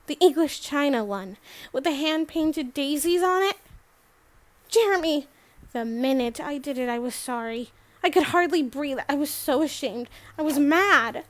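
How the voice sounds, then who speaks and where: A woman reading a novel aloud as a first-person letter, giving the quoted lines their own voices. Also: high-pitched. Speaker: audiobook reader.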